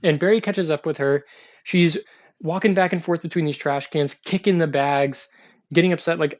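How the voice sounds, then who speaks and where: A man's voice: a little high, moderate pace. Chatty man with a dull lo-fi recording. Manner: chatty, filler-heavy, loose retelling. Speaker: TV episode reviewer. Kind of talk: casual episode recap.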